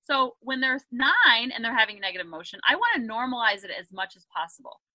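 A woman in her thirties, a parenting coach and podcast guest, explaining her approach in a lively conversational way, often acting out quotes. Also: fairly high pitch, quick pace, dry recording, highs cut off. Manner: upbeat, animated storytelling with acted quotes. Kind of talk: conversational interview.

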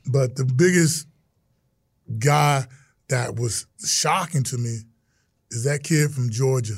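A middle-aged man, a guest in an interview, telling stories in a lively way and acting out the quotes. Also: mid-range voice, takes it slowly, slightly rough, dry recording, studio quality. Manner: animated storyteller, acts out quotes, exclamations. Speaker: interview guest, retired football player. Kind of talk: casual interview storytelling.

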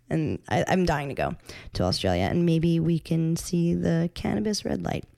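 A woman's voice: deep voice, expressive, normal speed, vocal fry, warm tone. A woman co-hosting a casual podcast, rambling and filling her talk with "like" and laughter. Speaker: podcast co-host. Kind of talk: casual chat.

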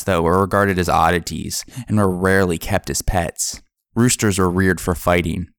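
A man narrating a history podcast from a script, in a measured reading manner. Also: low voice, no echo, studio quality.

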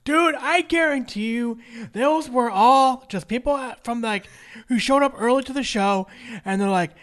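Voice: mid-range voice, measured pace, a bit bright. A podcast co-host chatting casually and joking while narrating a wrestling match move by move. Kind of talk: casual podcast chat with play-by-play recap.

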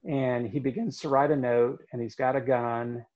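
A man telling a story in conversation, earnest and halting, with many fillers. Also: mid-range voice, fairly even intonation, a little mellow, muffled recording.

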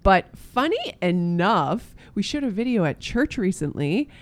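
A woman's voice: mid-range voice, big pitch swings, unhurried. A woman in her forties chatting casually as co-host, earnest and laughing often. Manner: earnest, laughs often, says beautiful a lot. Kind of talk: casual chat.

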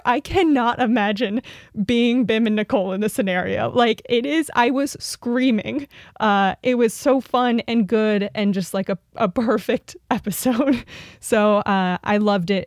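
A woman's voice: medium pitch, no room sound. Female podcast co-host, enthusiastic and gushing, dry close mic. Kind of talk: casual chat.

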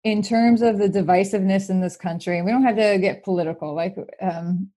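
A woman hosting an interview, asking probing questions in a lively, animated way. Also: mid-range voice, brisk. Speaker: host. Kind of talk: interview conversation.

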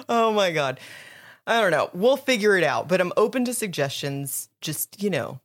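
A woman co-hosting a podcast in casual chat, bubbly and quick to laugh and squeal with excitement. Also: medium pitch. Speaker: podcast co-host.

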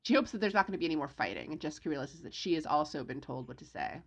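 Low, gravelly woman recapping a book. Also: racing. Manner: animated retelling with voiced quotes of characters. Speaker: podcast co-host recapping a novel. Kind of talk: casual book discussion chat.

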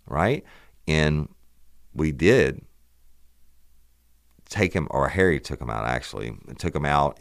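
A man's voice: a bass voice, vocal fry, dry recording, studio quality. A middle-aged man, hosting a podcast and telling a police story in a profane, rambling, casual way. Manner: profane, rambling, animated retelling of a police call. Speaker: podcast host.

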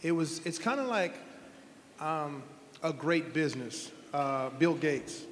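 A man's voice: a little high, lively intonation, slow pace, a bit bright, long reverb tail, slight background noise. A middle-aged man, a former football quarterback, telling heartfelt stories in an interview with earnest, rambling restarts. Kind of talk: interview storytelling.

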